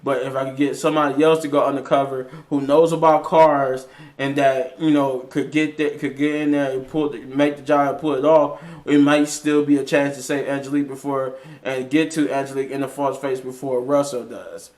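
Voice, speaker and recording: A man's voice: mid-range voice, flat delivery, brisk, darkish tone. A man casually recapping a TV episode in a rambling way, with frequent restarts and fillers. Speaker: TV episode reviewer.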